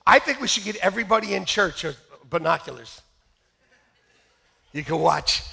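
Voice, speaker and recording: A very high-pitched man preaching to his church with a bright, gravelly edge to his voice. He tells funny stories with wide swings in pitch and often bursts into loud shouts. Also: lively intonation, unhurried, long pauses. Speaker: pastor. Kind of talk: comic storytelling sermon. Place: church service.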